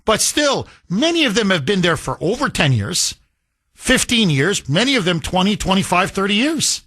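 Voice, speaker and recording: A man's voice: high-pitched, big pitch swings, moderate pace, bright, forceful tone. A man hosting a talk radio show, delivering a combative opinion monologue full of incredulous rhetorical questions, with a slight accent. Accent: slight foreign accent.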